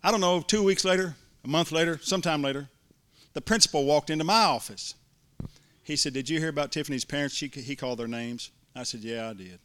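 A middle-aged man preaching, telling a folksy personal story from the pulpit with restarts and warm asides. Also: fairly high pitch, a little fast, smooth. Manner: folksy, building to excited shouts. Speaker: pastor. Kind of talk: sermon storytelling.

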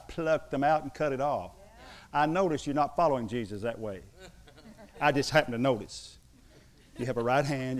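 A man preaching a sermon as pastor to his congregation, emphatic and mixing in humorous asides. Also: medium pitch.

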